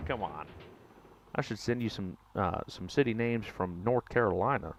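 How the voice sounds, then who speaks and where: A young man in his twenties with a drawl, ribbing his chat as he plays. His voice sits fairly low. The stream mic sounds dull and lo-fi. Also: brisk. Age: 20s. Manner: joking, teasing chat, drawling. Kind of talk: casual live-stream chat while gaming.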